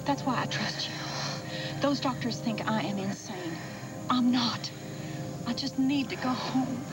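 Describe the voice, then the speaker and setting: A woman's voice: fairly high pitch, unhurried, natural voice. A stubborn frontier woman out of her time, played by an actress. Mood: pleading. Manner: folksy old-fashioned talk, pleading. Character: frontier woman lost in modern times, stubborn. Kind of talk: 1980s TV soap acting. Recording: TV soundtrack with music underneath.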